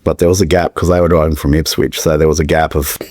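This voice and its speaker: A middle-aged man with a halting manner, recounting a painful personal story as a podcast guest. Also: rumbling low, little pitch movement, a little mellow, dry recording, clean studio sound. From Australia. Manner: halting, searching for words, with restarts.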